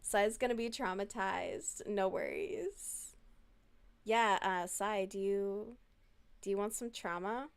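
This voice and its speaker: Smooth-voiced woman chatting on a stream. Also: mid-range voice, slow pace. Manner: chatty, swears freely, answers chat messages. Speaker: live streamer. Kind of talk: casual live-stream chat.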